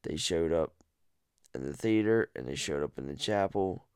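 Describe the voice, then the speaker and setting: Deep-voiced man ranting casually. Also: animated, moderate pace, darkish tone, clear, resonant tone, no echo, studio quality. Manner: rambling, profane and jokey. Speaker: podcast host. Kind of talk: casual chat about a horror game.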